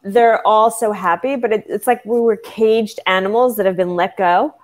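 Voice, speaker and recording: A woman's voice: mid-range voice, normal speed, darkish tone. A woman comedian from New Jersey in casual chat as co-host, wry and laughing often.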